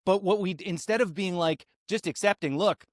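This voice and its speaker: A man's voice: high-pitched, normal speed, no room sound, clean studio sound. Blunt, easygoing man hosting a podcast. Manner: relaxed, blunt, swears casually. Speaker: podcast host. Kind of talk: casual podcast chat.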